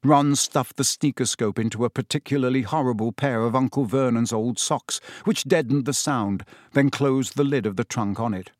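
A man narrating an audiobook with expressive storytelling. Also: mid-range voice, moderate pace, hardly any pauses, no room sound, clean studio sound. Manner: expressive storytelling with character voices. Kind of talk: scripted narration.

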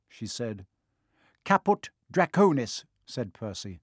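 A man narrating a children's fantasy novel in a steady, expressive audiobook reading. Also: mid-range voice, no room sound, clean studio sound.

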